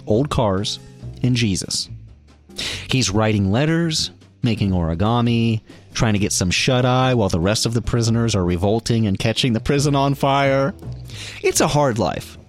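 A man hosting a casual podcast chat, recapping a film in a sarcastic, jokey way. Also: mid-range voice. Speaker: podcast host reviewing a film.

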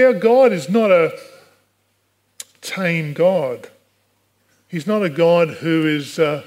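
A man's voice: sits high, a little hiss or hum. A man, a pastor, preaching a sermon in an earnest way, with rhetorical questions to the congregation. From Australia.

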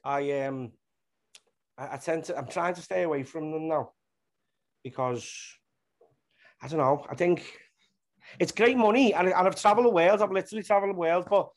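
Animated, swearing man. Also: a little high, normal speed, pauses often. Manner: swears freely, rambling animated storytelling. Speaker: actor and comedian guest. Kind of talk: casual interview chat.

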